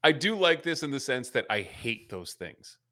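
A man's voice: medium pitch, sing-song, moderate pace, bright, forceful tone. A man co-hosting a podcast, laid-back and laughing often as he chats about sketches. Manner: swears casually. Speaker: podcast co-host. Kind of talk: casual chat.

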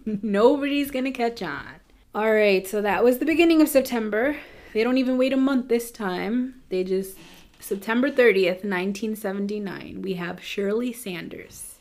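A woman walks through a grim case in loose, conversational storytelling. She talks in an easy, even voice, throwing in quick asides and restarts as she goes. She sounds like a podcast host chatting with a friend. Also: mid-range voice. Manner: chatty, fast asides with nervous laughs. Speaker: true crime podcast host. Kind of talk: casual storytelling.

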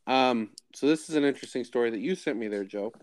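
An easygoing man hosting a podcast, introducing strange news stories. His voice sits at a middle pitch, and he fills his pauses with casual ums. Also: background noise. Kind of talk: casual chat.

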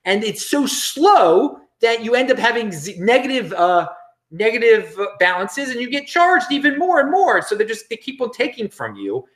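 A man's voice: very high voice, big pitch swings, moderate pace, fairly bright tone, roomy sound. A man hosting a casual commentary show, joking and rambling, often repeating words. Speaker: host. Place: home studio in Los Angeles.

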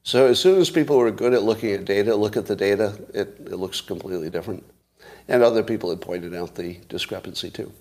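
A man hosting a solo commentary stream, sarcastic, pausing often and putting rhetorical questions to his audience. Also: fairly low pitch, darkish tone. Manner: halting, many pauses and filler sounds. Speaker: show host.

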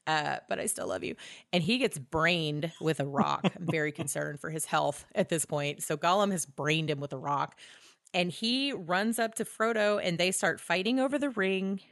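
A woman co-hosting a podcast, recapping a film in casual chat, laughing often, swearing and acting out lines in quick voices. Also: on the low side, dry recording, clean studio sound. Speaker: podcast co-host.

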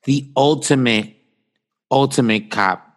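A man co-hosting a podcast, animated and joking, who works as an actor. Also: mid-range voice, takes it slowly. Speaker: podcast co-host. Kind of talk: casual chat.

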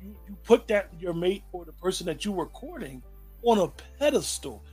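A man's voice: sits high, sing-song, normal speed, darkish tone, breathy edge, soft background music. A man hosting a casual group discussion, reflective and thoughtful, often restarting sentences as he thinks.

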